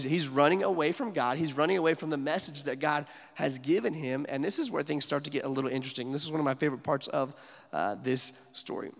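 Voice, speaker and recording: A man's voice: fairly high pitch, a bit bright, in a large hall. A man preaching a sermon in a casual, conversational way, full of fillers, sometimes dropping almost to a whisper for emphasis. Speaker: pastor.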